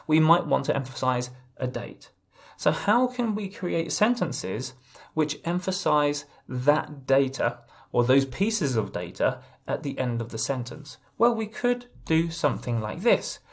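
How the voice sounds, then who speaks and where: A man's voice: medium pitch, expressive, normal speed. A man teaching legal writing in an online lesson, explaining step by step and often restarting his phrases.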